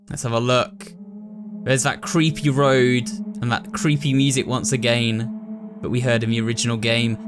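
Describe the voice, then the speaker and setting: An English man reads a horror game's narration aloud, then breaks off to chat about what it means. His voice sits at an average pitch and his tone stays easygoing. Faint game music plays underneath. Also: little pitch movement. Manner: casual, reads narration slowly and comments quickly. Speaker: gaming YouTuber. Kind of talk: reading game text and commenting.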